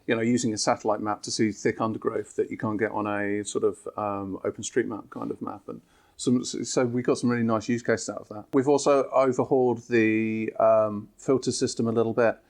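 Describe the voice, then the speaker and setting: A man, an app developer, calmly explaining new features in an interview. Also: on the low side, a little fast. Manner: steady, explanatory, with fillers.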